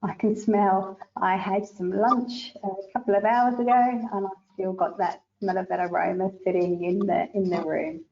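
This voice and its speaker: A woman with an Australian accent, interviewing and answering in a relaxed, plain way. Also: medium pitch, normal speed, few pauses, highs cut off, a little hiss or hum.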